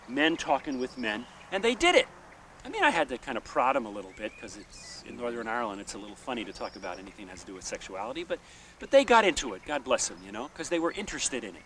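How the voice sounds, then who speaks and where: A man, a peacemaker and facilitator, telling a story in an animated way, often saying "you know.". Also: a little high. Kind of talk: storytelling talk. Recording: distant mic, faint outdoor noise.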